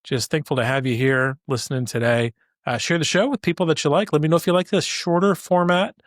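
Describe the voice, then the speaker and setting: A man's voice: fairly high pitch, steady tone, fairly quick, dry recording, studio quality. A man hosting his own podcast alone, chatting casually and rambling with many fillers and restarts. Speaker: podcast host. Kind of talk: solo podcast chat.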